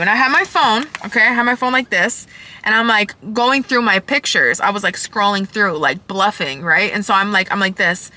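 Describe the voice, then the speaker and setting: A woman's voice: mid-range voice, moderate pace, pushed and bright. A young woman telling a storytime vlog in a heated, emphatic way, swearing freely. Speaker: vlogger.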